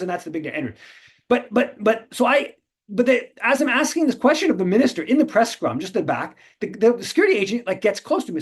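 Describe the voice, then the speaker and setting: A man hosting a call-in show, telling stories in a rambling way with many restarts. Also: high voice. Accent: Canadian English. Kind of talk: casual storytelling and commentary.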